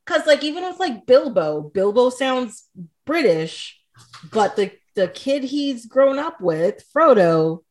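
A woman's voice: high-pitched, big pitch swings, slow, darkish tone. A woman hosting a casual conversation, talking easily and acting out quoted reactions. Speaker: podcast host. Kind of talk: casual chat.

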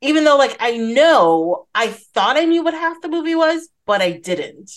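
A woman hosting a casual film podcast, talking in an animated way and acting out scenes in quoted voices. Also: sits high, normal speed. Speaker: podcast host.

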